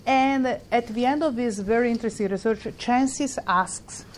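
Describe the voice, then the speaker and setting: Speaking with a fairly high pitch over a slight hiss or hum, a middle-aged woman from Italy guest-lectures at a university in English with an Italian accent. Her delivery is halting as she hunts for words, and she laughs while telling a story.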